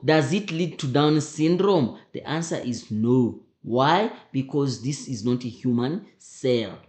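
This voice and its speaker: A man, a teacher talking students through an exam memo, emphatic, repeating his points and firing rhetorical questions at them. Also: fairly high pitch. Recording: roomy echo.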